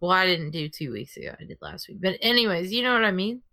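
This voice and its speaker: A woman co-hosting a podcast, talking in a relaxed, rambling way. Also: lowish voice, fast. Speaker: podcast co-host. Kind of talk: casual chat.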